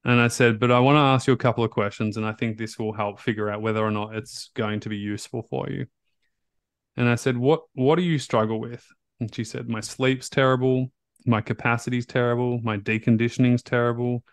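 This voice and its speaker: A man hosting a podcast, telling a story in a casual, animated way, blunt and full of fillers and restarts. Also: medium pitch, brisk, creaky, no echo, studio quality. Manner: blunt, outspoken. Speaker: podcast host, recovery coach.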